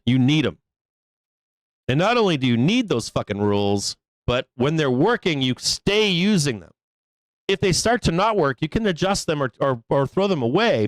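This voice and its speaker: A man's voice: fairly high pitch, no room sound. A man hosting a live stock market show, talking bluntly and emphatically with lots of swearing in a rambling, casual way. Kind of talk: casual live trading commentary.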